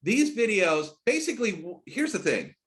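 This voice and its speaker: A middle-aged man giving a screen-share sales training, hyped and emphatic, talking in rapid runs that jump into loud, high bursts. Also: big pitch swings. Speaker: network marketing trainer.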